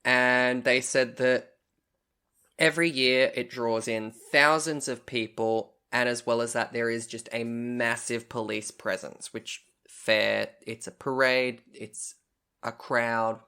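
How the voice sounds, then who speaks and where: A man's voice: medium pitch, fairly even intonation, slow, pushed and bright, smooth. A man co-hosting a podcast, recounting a story in a chatty, casual way, swearing freely and acting out what people said. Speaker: podcast co-host.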